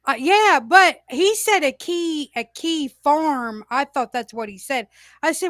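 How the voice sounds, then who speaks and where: A woman's voice: sits high, expressive, measured pace, fairly bright tone, no room sound, studio quality. A woman hosting a casual talk stream, swearing freely and telling incredulous stories. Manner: profane, laughing, incredulous storytelling. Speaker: talk show host. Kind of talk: casual chat. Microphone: livestream studio mic.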